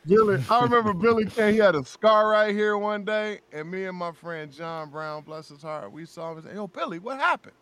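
A man talking as a guest voice actor in a casual podcast chat, an animated storyteller who laughs often and repeats his phrases. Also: high-pitched, moderate pace, few pauses, clear, resonant tone, no echo.

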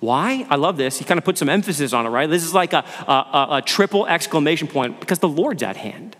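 In a church sanctuary, a male pastor gives an earnest sermon, asking his listeners questions and often repeating words. His voice is fairly high and fairly bright, and he's animated and talks fast. A long hall reverb surrounds the recording.

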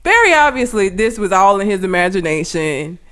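A woman chatting casually, telling a story in an animated, profane way and laughing often. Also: mid-range voice, fairly quick. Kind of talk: casual chat.

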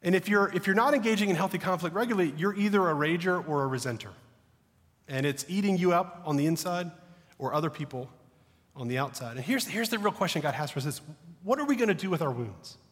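A man's voice: high-pitched, expressive, fast, in a large hall. A man in his thirties with a Southern American accent, preaching a conversational, self-deprecating sermon. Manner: conversational, self-deprecating, drops to a hushed voice for stories. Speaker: pastor.

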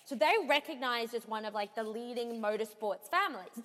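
Australian woman, high voice, animated casual podcast talk, long reverb on the voice. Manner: animated, quick asides and acted-out reactions. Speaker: podcast co-host. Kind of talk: casual chat.

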